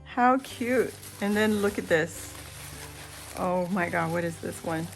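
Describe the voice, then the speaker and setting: A middle-aged woman vlogger chatting casually and excitedly as she unboxes a birthday gift, gasping and laughing. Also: mid-range voice, slow, soft background music. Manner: excited and giddy, many gasps and laughs. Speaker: crafting vlogger.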